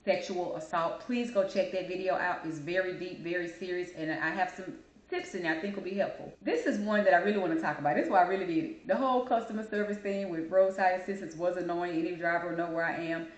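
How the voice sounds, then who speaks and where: A woman's voice: lowish voice, fast. Sassy woman ranting in an echoey room. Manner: sassy, animated, calls listener "baby". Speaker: host. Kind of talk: casual opinion monologue.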